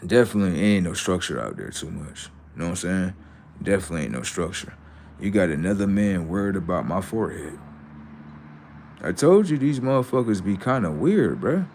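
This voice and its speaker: A man hosting a livestream, rambling and cursing as he taunts his viewers, dropping to low mutters and then rising into loud, drawn-out jabs. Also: expressive, a little hiss or hum. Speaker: livestream host. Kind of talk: casual livestream talk to chat.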